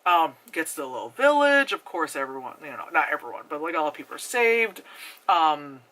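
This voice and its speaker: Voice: medium pitch, sing-song, a little fast, pushed and bright. A movie reviewer talking through a film in a casual, rambling way, full of fillers, swearing and sudden exaggerated voice impressions.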